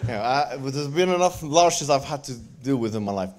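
A man giving a lively religious lecture to a live audience, joking and bantering with the crowd and quoting verses in quick Arabic recitation. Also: medium pitch. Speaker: speaker at a religious event.

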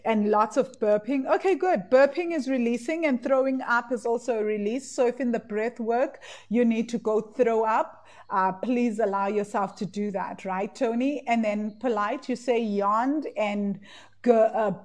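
A woman leading a live online class, reading out participants' comments and guiding them gently with many "right?" tags and fillers. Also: on the high side, a little slow.

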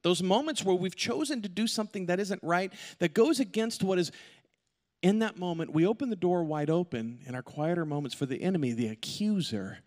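A middle-aged male pastor telling a funny personal story in an animated way, with asides to the congregation. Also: high voice, brisk. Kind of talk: sermon with humorous personal story. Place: large church auditorium. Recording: long hall reverb.

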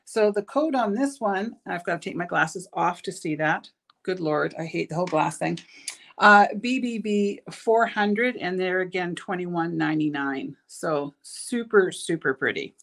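A woman's voice: fairly low pitch, measured pace, gravelly, fairly bright tone. A middle-aged woman hosts a casual live bead showcase, sounding tired and stumbling over her words as she chats. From Canada. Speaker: bead shop owner hosting a live product show.

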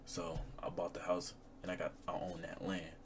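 A man's voice: low-pitched, completely flat delivery, moderate pace, heavy background noise. A young man with a Southern US accent, rambling in slangy, laid-back reaction commentary. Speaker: YouTuber reacting to videos.

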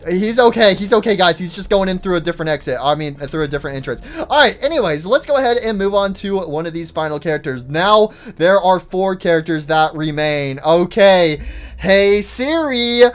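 Excitable male gaming commentator, chatty, shouts and yelps at big moments. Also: high voice, moderate pace. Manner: excitable, shouts and cries out at falls; talks to game characters like pets. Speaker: gaming YouTuber. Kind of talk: casual game commentary.

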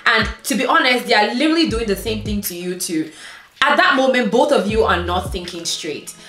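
A woman's voice: mid-range voice, expressive, a little fast, fairly bright tone, echoey room, soft background music. A woman giving casual, earnest self-help advice straight to her viewers, calling them sis and my love.

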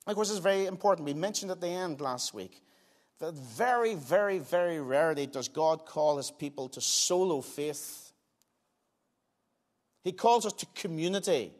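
An older man preaching a sermon in a church, earnest, pressing some lines hard and dropping others to quiet, slow asides. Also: fairly high pitch. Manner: earnest, swings between emphatic loud lines and quiet slowed asides. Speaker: pastor. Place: church sanctuary.

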